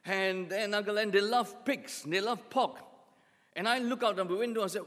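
A man preaching a sermon as pastor, telling stories with lively acted asides. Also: sits high, normal speed. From Singapore. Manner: animated storytelling with acted asides. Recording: long hall reverb.

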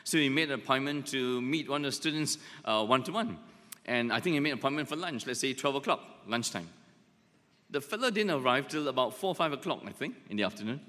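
Male pastor, lively and emphatic, bright ringing voice, church hall reverb. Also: mid-range voice, brisk. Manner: emphatic, repeats points, joking asides. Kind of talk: sermon.

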